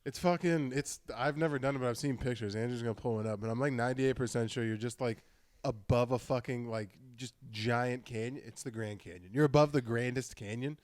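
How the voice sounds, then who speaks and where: A man's voice: medium pitch, a little fast, a little mellow, no room sound. A young man from Arizona co-hosting a podcast in casual chat, swearing freely and laughing often. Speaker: podcast co-host.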